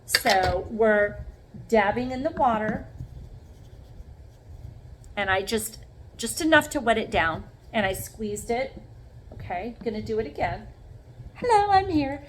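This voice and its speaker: A woman's voice: medium pitch, unhurried, long pauses, a little hiss or hum, rough recording. A woman demonstrating sponge painting in a casual craft vlog, talking viewers through each step and checking in with them often. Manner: chatty, talks viewers through each step with frequent "okay?". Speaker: craft vlogger.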